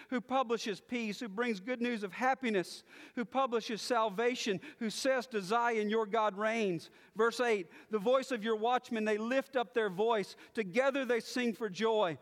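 A man preaching a sermon, moving from quiet musing to loud declaring. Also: extremely high pitch, long reverb tail. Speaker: pastor.

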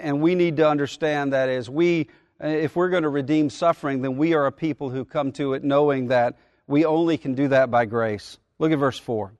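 Man, middle-aged, pastor, sermon, earnest, swelling emphasis, higher voice, dry recording. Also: darkish tone, no echo. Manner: earnest preaching, slows and swells on key phrases.

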